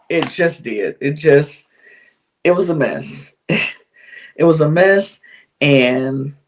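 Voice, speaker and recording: A woman hosting a podcast, giving a candid, chatty recap of a reality show, with frequent sighs and laughs. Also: sits low. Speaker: podcast host.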